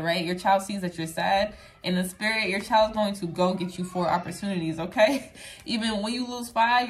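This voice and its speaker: A woman talks straight to her viewers through a pick-a-card tarot reading in a loose, rambling way, leaning on "like" as she goes. Her voice sits at a middling pitch, and her tone stays earnest and reassuring. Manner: rambling, chatty, fills speech with "like"; earnest, affirming, addresses viewer directly. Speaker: tarot reader.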